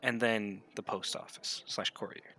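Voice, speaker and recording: A man's voice: on the low side, fairly even intonation, measured pace, vocal fry, over loud music. A man playing a tabletop game, talking in a rambling, hesitant way with lots of restarts. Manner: rambling, hesitant, self-correcting. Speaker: player. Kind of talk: casual tabletop play.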